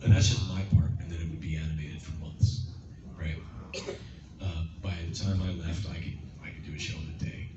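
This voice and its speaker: A man answering fan questions at a convention, telling stories in a lively, casual way and acting out lines in playful voices. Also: sits low, brisk, distant mic, loud music behind the voice. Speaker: guest at a fan convention panel. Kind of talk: casual Q&A storytelling. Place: large convention hall. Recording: muffled, echoey hall from afar. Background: crowd ambience.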